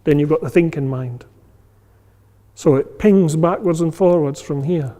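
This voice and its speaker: A man with a fairly high, mellow voice teaches a meditation class a little slowly, in a loose, conversational style. Fillers abound, he checks for understanding, and he acts out inner voices. It's an informal class talk, echoing with long reverb in a hall.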